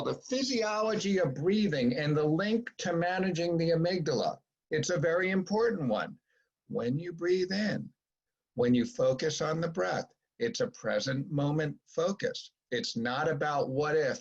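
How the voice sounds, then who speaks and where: A middle-aged man lectures parents in a relaxed, coaching way, and his voice jumps up when he acts out what parents and children say. His voice is a little husky and breathy. The sound is dull and lo-fi, like a video call. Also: fairly high pitch, normal speed. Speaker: psychologist giving a parent talk.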